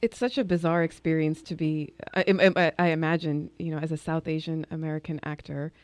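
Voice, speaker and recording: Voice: mid-range voice, steady tone, a little fast, dry recording. An interviewer asking conversational questions, setting up each with context.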